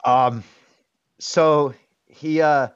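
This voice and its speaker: With a voice on the high side, a steady, clean tone and a very slow pace, a man in his thirties tells his personal story as a podcast guest. He's emotional, blunt and candid, swearing casually and restarting a lot. The recording is dull, dry and lo-fi, with no room sound.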